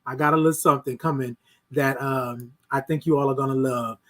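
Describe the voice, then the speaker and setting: A man's voice: medium pitch, fairly quick. Upbeat man hosting a livestream. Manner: warm, repetitive affirmations, shouts out viewers by name; animated, swings between loud bursts and soft asides. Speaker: host of a morning livestream. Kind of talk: casual live-stream chat with viewers.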